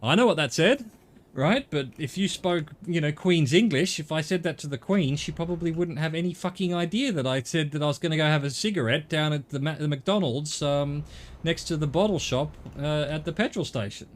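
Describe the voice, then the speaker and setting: A man's voice: fairly high pitch, brisk. A middle-aged man with an Australian accent chatting casually on a gaming stream, rambling and swearing now and then.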